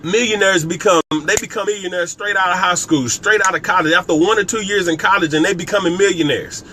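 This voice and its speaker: A man's voice: high voice, fast, pushed and bright. A man hosting a motivational live stream on business and scripture, speaking emphatically, repeating key phrases and addressing viewers by name. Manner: talks directly to viewers by name. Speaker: network marketing coach hosting a live stream.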